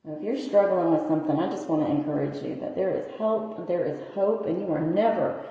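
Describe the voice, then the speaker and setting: A shelter worker's sincere, almost tearful testimony shifts into a sermon, recorded in the echoey tiled bathroom of a homeless shelter. Her voice is fairly low and dark, and she talks fairly quickly.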